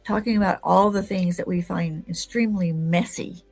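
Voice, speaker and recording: A woman's voice: on the low side, normal speed, darkish tone, faint music behind. A woman hosting an interview podcast who often murmurs agreement and speaks with enthusiasm. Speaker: podcast host.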